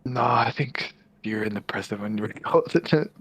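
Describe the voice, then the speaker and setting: A young man co-hosting a casual comedy podcast, rambling and often dropping into a breathy whisper. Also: mid-range voice, normal speed, a bit bright. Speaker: podcast co-host.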